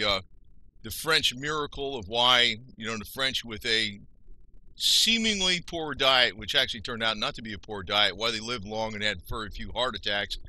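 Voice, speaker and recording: A man's voice: medium pitch, bright, forceful tone, low-quality recording. A man giving an unscripted health talk, rambling with frequent restarts and self-corrections.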